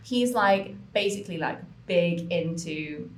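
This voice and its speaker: A woman's voice: on the low side, unhurried. Young woman podcast host, chatty and sweary, echoey room with faint background hum. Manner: animated, swearing storyteller with lots of fillers. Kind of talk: casual chat.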